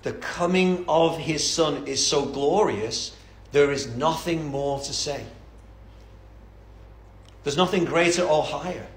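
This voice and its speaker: A male preacher delivering a sermon with fervent, emphatic conviction, hammering his points home through repetition. His voice sits a little high for a man, and it rings out in an echoey church. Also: slow, pauses often.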